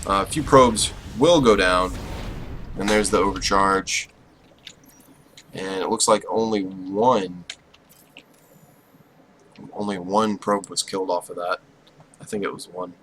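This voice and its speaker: A man calls a strategy game in a relaxed, self-deprecating way, and his rather low voice spikes up when the fights get close. Faint background hiss sits under his commentary. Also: slow, pauses often, low-quality recording. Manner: casual and self-deprecating, bursts of excitement during fights. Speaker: esports caster.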